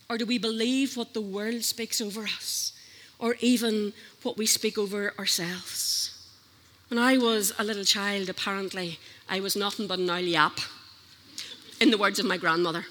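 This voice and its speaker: A woman's voice: a little high, bright, forceful tone. A woman preaching a sermon, earnestly questioning her listeners. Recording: long hall reverb.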